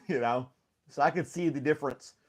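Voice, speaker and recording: With a slightly high voice at a normal speed, a man runs a casual live stream from his home. He rambles comfortably, laughs frequently, and reads the live chat, greeting viewers by name.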